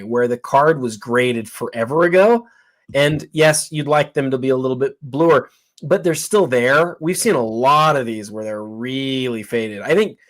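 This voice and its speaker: A man appearing as a guest collector, chatting about sports cards with frequent fillers and restarts. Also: mid-range voice. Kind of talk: casual expert commentary.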